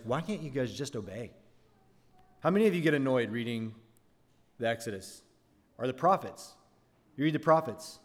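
A man's voice: mid-range voice, big-room sound. A man preaching a sermon, earnest, asking the congregation rhetorical questions. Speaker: pastor.

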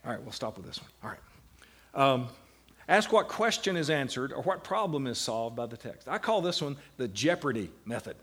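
A man's voice: mid-range voice, big pitch swings, moderate pace, a bit bright, slightly rough. A middle-aged man giving a classroom lecture on Bible meditation, putting questions to his students and answering them. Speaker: seminary lecturer.

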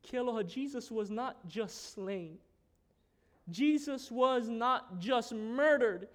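A man preaching a sermon, moving between hushed scripture reading and impassioned shouted declarations. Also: very high voice, slow pace.

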